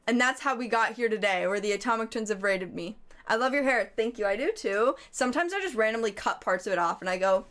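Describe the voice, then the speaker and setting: A woman's voice: medium pitch, brisk, fairly bright tone. A young adult woman livestreamer in casual chat, giggly, rambling and self-mocking.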